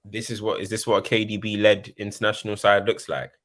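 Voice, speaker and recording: Man, football pundit, very low voice, slangy, emphatic. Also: level tone, brisk, fairly bright tone. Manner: laid-back slang, emphatic, hedging with asides. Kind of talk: casual football chat.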